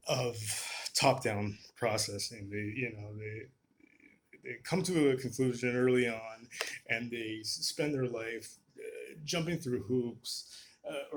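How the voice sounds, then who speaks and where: A man's voice: medium pitch, a little hiss or hum. A man delivering a casual, profane rant on camera, exasperated and full of restarts. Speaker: vlogger.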